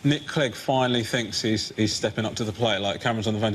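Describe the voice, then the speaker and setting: A man doing a stand-up routine on a panel show, ranting with incredulous outbursts that build to shouts. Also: mid-range voice, expressive, slow pace, pauses often. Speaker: comedian. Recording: loud background noise.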